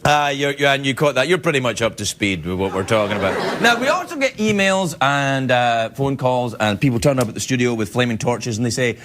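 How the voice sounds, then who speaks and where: A man hosting a late-night talk show, cracking quick jokes and playful asides to a studio audience. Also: medium pitch, lively intonation, a bit bright. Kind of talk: comedy monologue banter. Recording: studio audience laughter and noise.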